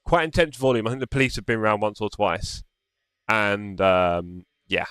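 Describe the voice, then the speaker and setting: A man's voice: fairly low pitch, steady tone, normal speed, fairly bright tone, clear, resonant tone, dry recording, clean studio sound. A man hosting a live sim racing stream, chatting casually, teasing and reading the chat aloud. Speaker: stream host.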